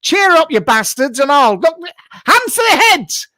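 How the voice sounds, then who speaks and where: A man's voice: very high-pitched, very animated, normal speed, no room sound, exaggerated voice. Man doing Clinton Baptiste, brash camp psychic. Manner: blunt, rude, mock-mystical, shouts greetings. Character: brash, camp middle-aged male TV psychic. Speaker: host of a live psychic show. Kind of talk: comic improvised live stream. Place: home garage.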